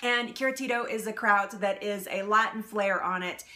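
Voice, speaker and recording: A woman's voice: mid-range voice, moderate pace, sharp tone, slight background noise. A woman hosting a live cooking stream, chatting casually, laughing often and answering viewer comments. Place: home kitchen.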